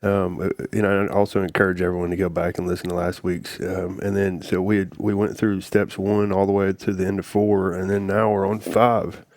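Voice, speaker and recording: Deep-voiced podcast host, dry close sound. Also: male voice, a little fast, hardly any pauses, dry recording. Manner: relaxed, agreeable, with short affirmations. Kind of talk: casual interview chat.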